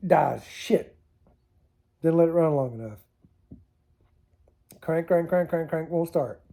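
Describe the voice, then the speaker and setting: A man's voice: on the high side, slow, gravelly, mellow. A man rambling through funny stories to camera in a casual vlog, laughing at himself. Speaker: storytelling vlogger. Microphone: camera mic on a tilting setup.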